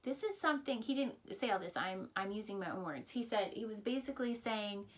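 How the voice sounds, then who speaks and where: A woman's voice: medium pitch, lively intonation, fairly quick. A woman teaching a Sunday school lesson, retelling a Bible story in simple words and often reminding her listeners of earlier lessons.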